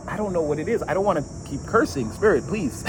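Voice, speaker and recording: Male tarot reader, slightly high voice, loose chatty delivery with frequent laughs and casual cursing. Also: expressive, quick pace, slight background noise, poor audio.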